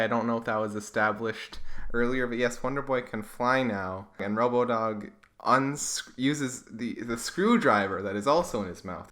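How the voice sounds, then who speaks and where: Slightly bright and medium in pitch, a man's voice delivers wry, sarcastic jokes about the comics he made as a child. He's a YouTuber going through his own old work.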